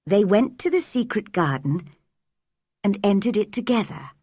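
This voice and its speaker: A woman reading a graded-reader audiobook for English learners in a clear, measured, expressive way. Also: medium pitch, dry recording, clean studio sound. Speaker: audiobook narrator.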